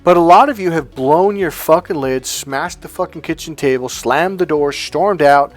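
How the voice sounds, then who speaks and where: A man delivers a heated, profanity-laced coaching monologue, jumping in to act out both sides of a couple's argument. His voice sits fairly high for a man. Faint music plays behind him. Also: lively intonation, a little slow. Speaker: relationship coach.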